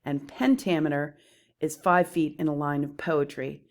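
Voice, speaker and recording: A woman teacher goes through lecture slides on poetry, explaining the terms slowly and deliberately. Her voice is deep and her tone steady.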